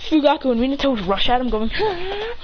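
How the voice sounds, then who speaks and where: A woman spins an improvised fan story in a rambling, excitable rush, often restarting and adding mouth sound effects. Her voice sits fairly high. The recording is dull and lo-fi, with a faint hiss. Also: normal speed.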